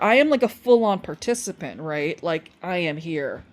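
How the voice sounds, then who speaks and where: A woman guest on a podcast, telling animated stories in casual chat and filling her talk with "like". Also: on the low side, moderate pace, few pauses. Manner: animated storytelling, lots of "like".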